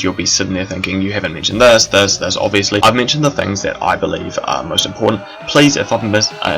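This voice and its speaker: A young man with a New Zealand accent, vlogging in a chatty, rambling way with fillers and restarts. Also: fairly low pitch. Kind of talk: casual talk to camera.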